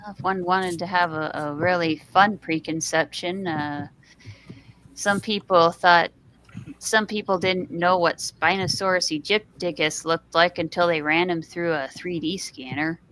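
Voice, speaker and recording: A woman's voice: lowish voice, steady tone, a little slow, a bit bright, a little hiss or hum, low-quality recording. A woman on a casual panel chat, speaking earnestly and thoughtfully as a guest.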